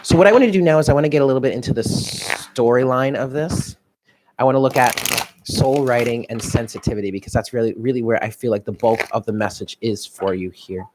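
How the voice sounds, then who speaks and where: A man's voice: medium pitch, fairly quick, noisy background. A man doing a live tarot reading, talking in a musing, chatty way and often laughing to himself. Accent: New York. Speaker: tarot reader.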